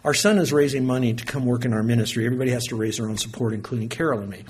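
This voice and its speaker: Folksy preacher, husky voice. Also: male voice, mid-range voice, racing. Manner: folksy, animated storyteller, swings from loud to soft. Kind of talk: sermon with storytelling.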